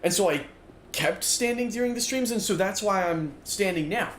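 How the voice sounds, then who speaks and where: Pitched high with a fairly bright tone, a young man speaks expressively at a moderate pace while streaming a game, chatting in a rambling, filler-heavy way and reading chat aloud. He's standing in a dorm-style room, heard with roomy echo and faint room noise.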